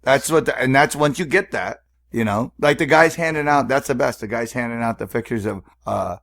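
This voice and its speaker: A man's voice: mid-range voice, a little fast, vocal fry. A man co-hosting a podcast, swearing freely in casual chat and acting out the voices in his stories. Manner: animated storyteller, swears, acts out voices. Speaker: podcast co-host.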